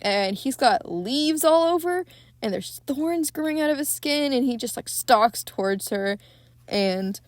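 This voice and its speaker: A young woman hosts a podcast, retelling a film in a loose, candid, excitable way and swearing freely. Her voice sits at a middling pitch. It is close and dry, with no room sound. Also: dry recording. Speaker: podcast host. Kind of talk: casual film recap.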